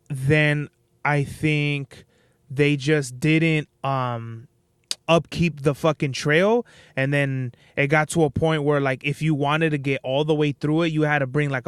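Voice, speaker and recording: A man's voice: mid-range voice, smooth, no room sound, clean studio sound. A young man hosting a podcast alone, telling rambling, profane stories in a laid-back, casual way. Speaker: podcast host. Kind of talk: casual solo podcast monologue.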